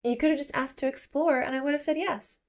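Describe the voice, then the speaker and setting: A woman's voice: high-pitched, steady tone, quick pace, voice pushed up, close to an everyday voice. A woman voicing a blunt male guardian who speaks plainly. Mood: earnest.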